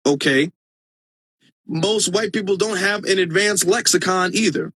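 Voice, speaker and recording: A man with a notably high voice hosts a casual live stream into a phone. He talks earnestly and with emphasis, restarting sentences as he goes. The sound is dry and close. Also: unhurried, fairly bright tone, slightly rough, no echo. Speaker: live-stream host reading viewer comments.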